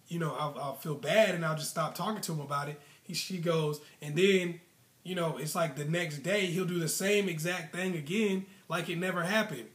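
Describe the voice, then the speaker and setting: A man's voice: fairly high pitch, a bit bright, reverberant. Chatty man giving relationship advice. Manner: conversational, retells clients' stories with many fillers. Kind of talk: casual advice monologue.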